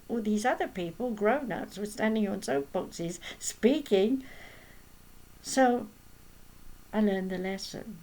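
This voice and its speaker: A woman's voice: medium pitch, darkish tone, poor audio. A woman medium and healer talking casually, telling stories and tossing in rhetorical asides. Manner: chatty, storytelling, with rhetorical asides. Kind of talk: casual spoken talk.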